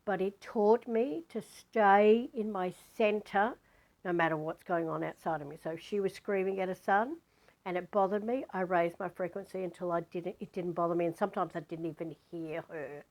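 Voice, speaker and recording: A woman speaks in a fairly low voice as a spiritual teacher in a casual vlog. She tells her story with animated emphasis and repeats words to drive a point home. Her talk is blunt and peppered with casual swearing. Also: moderate pace, rough recording.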